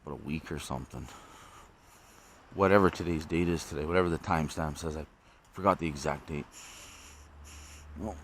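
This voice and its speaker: A man with a deep, low voice talks straight to his camera outdoors late at night. He rambles and repeats himself, swears freely and keeps tagging his sentences with "eh?". A faint background noise sits under the recording. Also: a little fast, long pauses. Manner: repetitive, profane, tags sentences with "eh?". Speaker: vlogger.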